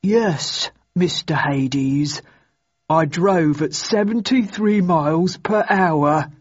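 A slow, eager henchman with little between his ears, from a storybook reading, performed by a woman narrator. Husky and low with a dull, muffled sound. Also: no room sound. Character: dim-witted, obedient male henchman.

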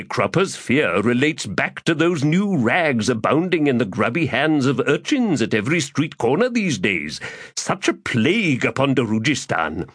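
Man voicing a pompous chubby schemer, florid archaic speech, lively swooping pitch, dry close sound. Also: husky, no echo. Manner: grandiloquent archaic speech, refers to himself in third person. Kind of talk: audiobook character voice.

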